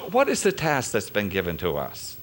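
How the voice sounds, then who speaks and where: A man's voice: lowish voice, huge pitch swings, moderate pace, slight background noise. A man preaching a sermon, emphatic, often turning to the congregation with questions.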